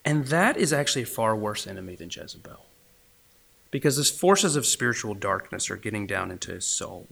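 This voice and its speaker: A young man preaching a sermon, going from emphatic, raised passages down to hushed, almost whispered lines. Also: mid-range voice, animated, brisk, creaky. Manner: swings between emphatic and hushed, near-whispered asides. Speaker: pastor.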